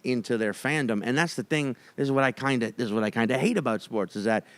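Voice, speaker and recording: A man in his thirties co-hosting a comedy podcast, telling stories in an animated way and swearing freely. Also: medium pitch, quick pace, clean tone, no echo. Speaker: podcast co-host. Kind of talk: casual comedic chat.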